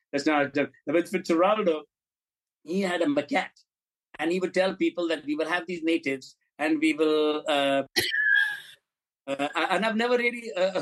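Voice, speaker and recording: A man, a film and commercial director, telling anecdotes in an interview, animated and blunt, acting out dialogue and swearing now and then. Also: high voice, poor audio. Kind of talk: interview storytelling.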